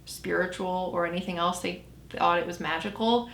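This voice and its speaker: A woman tells a story in a loose, conversational way and often stops to correct herself. Her voice is bright and forward. The sound carries noticeable room echo. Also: fairly low pitch, fairly even intonation, normal speed, vocal fry. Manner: chatty, self-correcting storyteller. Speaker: podcast host. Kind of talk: casual storytelling chat.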